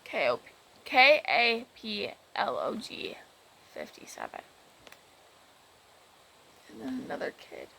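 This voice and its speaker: A woman's voice: medium pitch, huge pitch swings, slow pace, creaky, pauses often, sharp tone, slightly rough, poor audio. A woman vlogger retelling a game story in a rambling, exasperated way, with many restarts. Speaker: gaming vlogger. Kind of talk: casual storytelling about a game.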